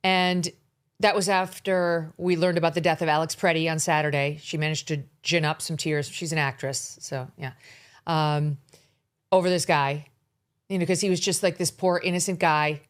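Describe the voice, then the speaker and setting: A woman's voice: sits low, fairly even intonation, normal speed. A middle-aged woman hosting her own talk show, delivering blunt, sarcastic political commentary. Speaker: host. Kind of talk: opinionated talk show monologue.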